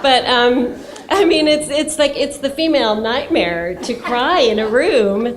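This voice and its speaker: A woman's voice: high voice, lively intonation, measured pace. A woman filmmaker telling a candid, self-mocking story on a festival panel and laughing as she talks.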